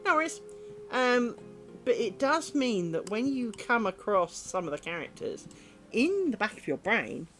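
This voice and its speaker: A woman's voice: fairly high pitch, sing-song, unhurried, fairly bright tone, soft background music. A woman streaming her lace-making, chatting casually and rambling, with the odd swear word. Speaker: craft streamer.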